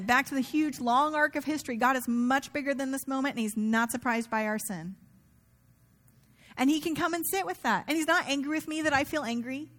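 A woman's voice: high voice, fairly bright tone. A middle-aged woman pastor giving a sermon in a conversational, self-mocking way, acting out quoted asides.

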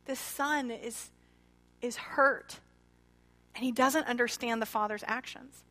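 A woman's voice: slow pace, long pauses. A woman preaching a sermon in a church, retelling a parable expressively and acting out the quoted lines. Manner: expressive, acts out quoted speech with shifting pitch and loudness. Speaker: pastor.

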